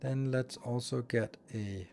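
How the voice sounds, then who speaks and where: A man's voice: medium pitch, steady tone, takes it slowly, gravelly, a little mellow, slight background noise. A man streaming a building game, thinking aloud and muttering as he plays. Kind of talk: casual live-stream commentary.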